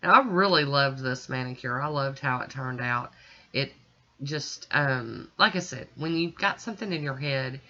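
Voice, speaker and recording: A woman with a bass voice and sharp tone hosts a nail art tutorial vlog, chatting in a homey, folksy manner and speaking directly to viewers as she works. The recording is dull and lo-fi.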